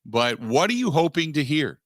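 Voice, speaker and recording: A man hosting a sports talk radio show, riffing animatedly and mock-quoting others in quick asides. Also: fairly high pitch, big pitch swings, fairly bright tone, no echo, studio quality.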